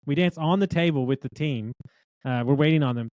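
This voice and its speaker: A man with a slightly higher voice tells wild restaurant stories at a quick clip. He acts out the people in them as he goes. The sound is dry and close. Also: dry recording, dull audio. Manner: animated storyteller, acts out quotes of others. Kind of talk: casual storytelling chat.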